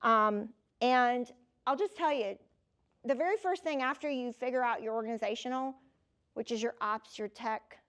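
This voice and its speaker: A woman in her fifties giving a motivational keynote, telling personal stories in a lively, conversational way and talking straight to the audience. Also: fairly high pitch, normal speed, clean tone. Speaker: keynote speaker.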